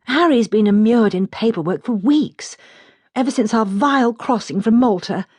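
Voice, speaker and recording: An airy, wry married woman in her thirties, flighty and a touch complaining, for an audiobook. The voice swoops lively and sounds close and dry. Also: mid-range voice, moderate pace, breathy edge, dry recording, voice pushed up.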